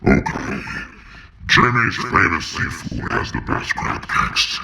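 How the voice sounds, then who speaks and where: A man voicing a gloomy male monster who eats people and is trying to quit, mumbling and reluctant, with a gravelly voice. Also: big pitch swings, slow, very noisy, exaggerated voice. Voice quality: gravelly and deep.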